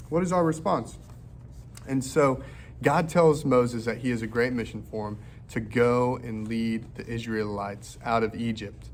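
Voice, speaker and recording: A man teaching a children's Bible lesson in a lively way, acting out the voices in the story for young listeners. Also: medium pitch, moderate pace, slight background noise. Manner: animated, acts out quoted voices for kids.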